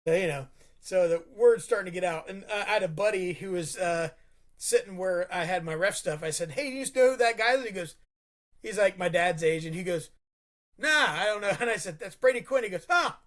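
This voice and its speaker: A man's voice: high voice, expressive, brisk, a bit bright. A man co-hosting a sports podcast, telling a long, rambling story in a casual way, full of restarts and stammers. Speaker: podcast co-host.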